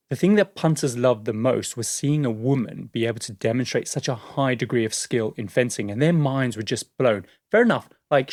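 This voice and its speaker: A man telling a story on a podcast, easy and chatty. He laughs often and drops casual fillers as he goes. His voice sits at a middle pitch and sounds dry and close. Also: a little mellow, dry recording. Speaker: podcast co-host.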